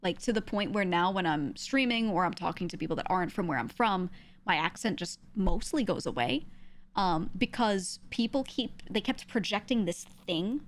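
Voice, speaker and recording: A woman's voice: medium pitch, animated, moderate pace. A young woman from New York, a streamer talking in a casual, rambling way and laughing often. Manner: rambling, laughs often, trails off with "I don't know".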